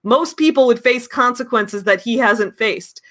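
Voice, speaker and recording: A woman's voice: on the high side, a little slow, a bit bright. A woman hosting a reaction video, commenting bluntly and indignantly with swearing on a clip.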